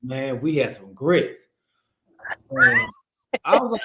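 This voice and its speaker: Male co-host, relaxed chat, fairly high pitch, greets the audience mid-story. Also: slow pace, very noisy. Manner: laid-back, chuckling, greets viewers mid-story. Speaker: podcast co-host.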